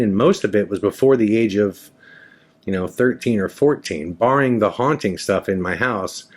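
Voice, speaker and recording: Frank low-voiced man in his forties. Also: darkish tone. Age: 40s. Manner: frank and rambling, swears freely. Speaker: podcast host. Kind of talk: candid personal monologue.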